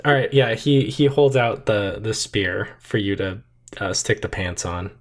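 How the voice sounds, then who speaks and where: A man's voice: fairly low pitch, measured pace. A man narrating as game master in a casual, laid-back way.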